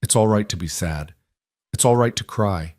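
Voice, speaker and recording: A man voicing a stubborn, caring young frontier woman who speaks firmly but gently. He does not change his voice much for her. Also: lowish voice, normal speed, dry recording, studio quality, lightly acted. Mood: gentle. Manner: firm and gentle.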